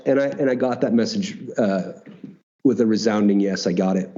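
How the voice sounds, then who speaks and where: Dark-voiced man telling a story. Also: on the low side, normal speed, dull audio. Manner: animated, swearing, acting out dialogue. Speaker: guest, retreat founder. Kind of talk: storytelling in a podcast interview.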